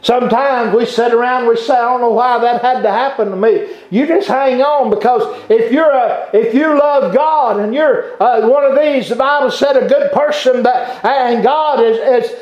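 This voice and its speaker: A man preaching a sermon, fervent, with halting restarts and bursts of shouting. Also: very high voice. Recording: echoey room, dull lo-fi sound.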